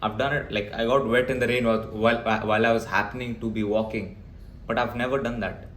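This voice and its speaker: A man's voice: mid-range voice, fairly even intonation, fast talker, fairly bright tone. A young man delivers a blunt, emphatic rant straight to camera. His talk is full of fillers and restarts. The sound bounces around an echoey room with a faint hum behind him. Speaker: vlogger.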